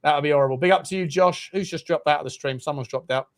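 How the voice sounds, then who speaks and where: A man's voice: on the high side, quick pace. A man hosting a casual fan show, chatting and reading out viewer messages. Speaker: host. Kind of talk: casual fan podcast chat.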